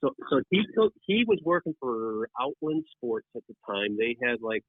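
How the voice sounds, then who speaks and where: Male guest storyteller, animated and rambling, mid-pitched, on a tinny dry phone line. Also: moderate pace, dry recording. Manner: animated, rambling with many restarts. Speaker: podcast guest, deer hunting writer. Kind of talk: casual storytelling.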